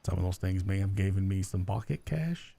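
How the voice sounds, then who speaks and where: Man, gravelly voice, fairly low, in-character roleplay chat, rambling, halting. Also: expressive, warm tone. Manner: rambling, halting, full of fillers. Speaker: roleplay streamer.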